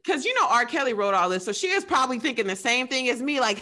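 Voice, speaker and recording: A woman with a bright voice that rises and falls a lot, chatting in a giggly, playful way. She co-hosts a casual group podcast. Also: on the high side, expressive, fast. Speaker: podcast co-host.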